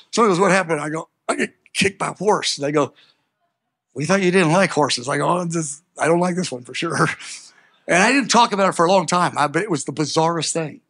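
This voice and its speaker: An older man delivers a sermon built on personal stories, speaking animatedly with sudden bursts of loudness. His voice is on the high side and has a breathy edge.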